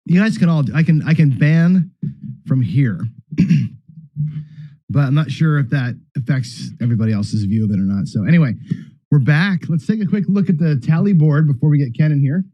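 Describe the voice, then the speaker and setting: A man hosting a live gambling charity stream, rambling casually and clearing his throat as he talks. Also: a little high, normal speed, dry recording. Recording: dull, dry lo-fi stream audio.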